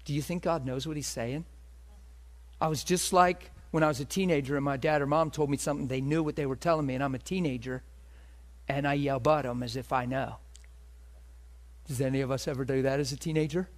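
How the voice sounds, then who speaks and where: Animated male preacher telling a story. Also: medium pitch, a little fast. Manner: animated storytelling, swings between loud and hushed. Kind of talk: sermon.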